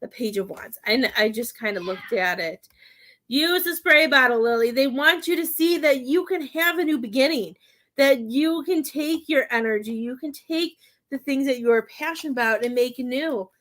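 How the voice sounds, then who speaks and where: A woman doing a psychic reading from home, with halting, repetitive speech that gives gentle advice. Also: high voice, animated. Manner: halting, repeats words, soothing advice. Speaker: psychic medium. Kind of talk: live-stream spirit reading.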